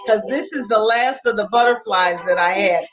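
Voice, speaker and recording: A middle-aged woman hosting a live online flash sale, chatting with viewers in an animated, familiar way. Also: medium pitch, moderate pace, dull audio. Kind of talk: live sales chat.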